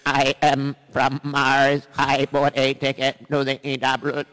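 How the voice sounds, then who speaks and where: A man voicing a male visitor from Mars who announces himself slowly, loudly and formally. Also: medium pitch, monotone, big-room sound. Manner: slow, loud, deliberate announcing.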